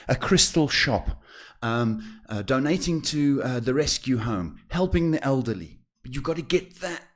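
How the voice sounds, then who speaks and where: Chatty man giving psychic readings. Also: mid-range voice. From South Africa. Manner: reassuring, chatty, drawn-out emphasis with many fillers. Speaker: psychic host. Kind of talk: live tarot reading podcast.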